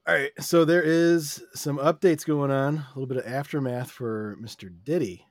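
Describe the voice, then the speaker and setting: A man's voice: on the high side, moderate pace, no echo, studio quality. A man co-hosting a podcast, talking frankly in casual chat. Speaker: podcast co-host.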